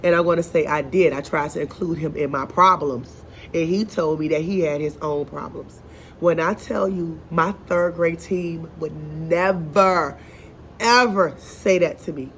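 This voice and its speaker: Teacher lady ranting to the camera, gravelly and a bit stuffed up, classroom vlog. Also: deep voice, a little slow, fairly bright tone, a little hiss or hum. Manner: chatty, exasperated venting with repeated asides. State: congested, short of breath. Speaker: first grade teacher. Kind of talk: casual vlog storytelling.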